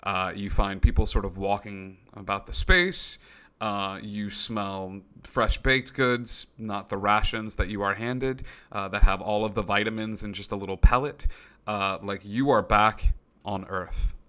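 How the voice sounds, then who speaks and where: A man running a tabletop game as game master, narrating in a halting way with many pauses. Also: on the low side, fairly even intonation, pushed and bright, clear, resonant tone.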